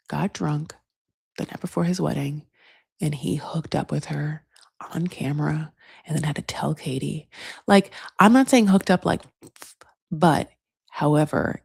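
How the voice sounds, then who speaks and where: A woman hosting a casual reality-show recap, gossipy and animated, acting out what the cast says. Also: on the low side, creaky, breathy edge, no room sound, studio quality. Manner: gossipy, animated, acts out the cast's lines.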